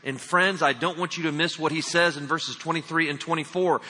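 A man with a strikingly bright, fairly high voice delivers an emphatic sermon, often turning to his listeners as friends. His words ring out with the long reverb of a large hall. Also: fairly even intonation, a little fast. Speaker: pastor.

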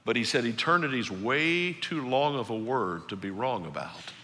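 A man preaching a sermon in a church, swinging between loud emphatic highs and hushed low passages. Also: animated, normal speed, big-room sound. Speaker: pastor. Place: church sanctuary.

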